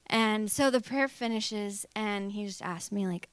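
A woman's voice: medium pitch, fairly even intonation, moderate pace, hardly any pauses, smooth, dry recording. A young woman sharing a personal testimony in a candid, filler-heavy way, acting out what people said. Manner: candid, filler-heavy storytelling with acted-out quotes. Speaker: speaker sharing her faith story.

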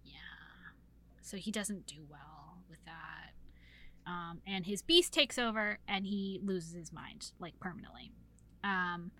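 A woman co-hosting a podcast, recapping a book in casual chat with lots of swearing and acted-out quotes. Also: mid-range voice. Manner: animated, swearing, acts out characters' lines. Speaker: podcast co-host.

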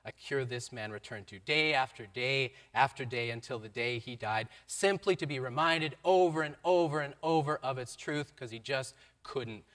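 Bright-voiced male pastor preaching. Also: medium pitch, normal speed, few pauses. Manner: acts out quoted voices, swings from loud to soft. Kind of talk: sermon storytelling.

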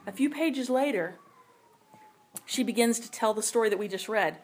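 A woman's voice: medium pitch, normal speed, a little hiss or hum. A woman teaching a sermon in a conversational way, often checking in with her listeners. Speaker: Bible teacher.

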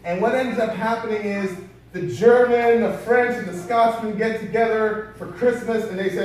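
Delivering a sermon at a moderate pace, this pastor's voice sits high as he tells stories conversationally and throws rhetorical questions at the congregation. Slight background noise accompanies a distant recording in a hall full of echo.

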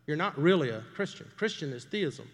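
Brief: middle-aged man, folksy storytelling preacher, slightly high, animated voice, echoing church hall. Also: brisk. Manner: folksy, conversational, asks the crowd questions. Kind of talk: storytelling sermon. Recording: long hall reverb.

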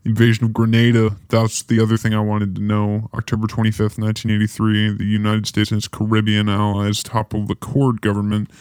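A man's voice: lowish voice, completely flat delivery, fairly quick, few pauses, a little mellow, clear, resonant tone, dry recording, studio quality. A man hosting a podcast, reading through a history timeline and breaking off with offhand, joking asides. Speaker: podcast host. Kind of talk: casual podcast history rundown.

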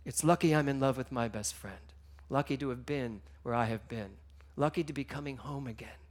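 A man giving a sermon, telling stories with emotion, moving between hushed and loud passages. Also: medium pitch, a little fast. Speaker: minister.

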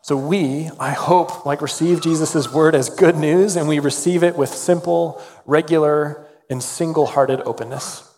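Earnest pastor in a reverberant hall. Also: male voice, on the high side, measured pace, darkish tone, a little hiss or hum. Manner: earnest, conversational preaching with fillers. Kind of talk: sermon.

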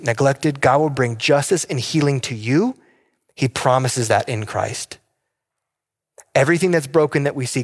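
A man preaching a sermon as a pastor, earnest and pleading, asking the congregation rhetorical questions. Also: medium pitch. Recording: long hall reverb.

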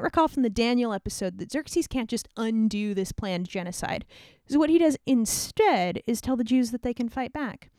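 A woman with a fairly high voice retells an old story in lively, slangy, conversational podcast narration. The recording is close and dry, with no room sound. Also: normal speed, dry recording.

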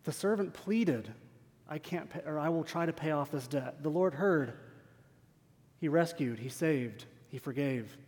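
A man's voice: a little high, a little slow, a little mellow. A man preaching a sermon in a church, earnest and emphatic, asking rhetorical questions of the congregation. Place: church sanctuary. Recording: long hall reverb.

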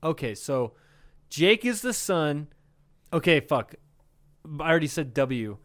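Animated young man telling a ghost story. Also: on the high side, measured pace. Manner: animated storytelling, reads a letter aloud with quips and laughs. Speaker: podcast co-host. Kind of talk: casual comedy podcast chat.

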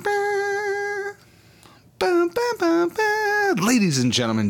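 A man's voice: fairly low pitch, a bit bright. A young man hosting a casual solo podcast, laid-back and rambling, swearing freely as he talks. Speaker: podcast host.

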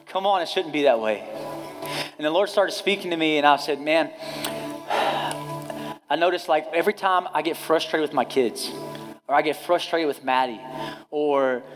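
A man's voice: fairly high pitch, fairly quick, music in the background. A man in his thirties, a pastor, preaching a conversational sermon in a casual, direct way, often checking in with the congregation. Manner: casual, direct, often asks "you know what I mean?". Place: church.

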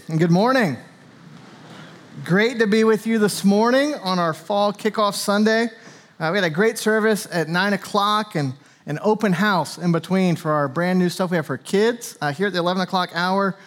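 A man in his forties, a pastor giving a sermon in a conversational, chatty way with frequent fillers. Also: high voice.

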